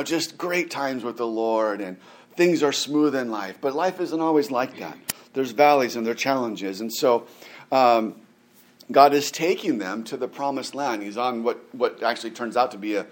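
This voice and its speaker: A man preaching a Sunday sermon in a relaxed, conversational way. He drops in chatty asides and light laughs, and asks his listeners rhetorical questions. His voice sits at an everyday middle pitch. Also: moderate pace. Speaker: pastor.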